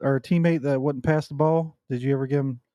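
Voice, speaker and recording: A man's voice: medium pitch, fairly even intonation, quick pace, dark tone, no room sound, studio quality. A man on a casual podcast chat, teasing his co-hosts and laughing often. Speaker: podcast co-host.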